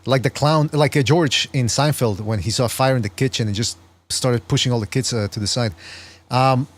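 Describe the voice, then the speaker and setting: A man's voice: mid-range voice, moderate pace. A man hosting a casual sports podcast, explaining his points earnestly and often restarting his words mid-sentence. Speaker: podcast host.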